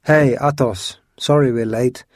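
A man voicing a giant, loud and boastful swordsman who speaks eagerly in a storybook reading. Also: animated, fairly quick, no echo, studio quality. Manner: booming, eager.

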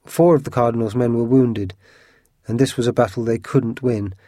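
A man narrating a classic adventure story in an even, measured storytelling manner. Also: mid-range voice, no room sound, studio quality. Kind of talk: storybook reading.

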